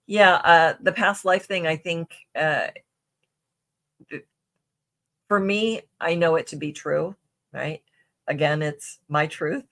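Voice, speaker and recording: A woman's voice: low voice, a bit bright. A middle-aged woman, a podcast guest, telling personal stories in a chatty way with many fillers, restarts and a tag "right?". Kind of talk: casual interview storytelling.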